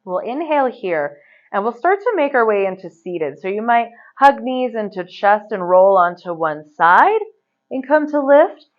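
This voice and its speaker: A woman teaching a yoga class, giving relaxed, chatty instructions and laughing often. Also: on the high side, measured pace. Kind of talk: guiding a live yoga class. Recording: slightly dull, lo-fi recording.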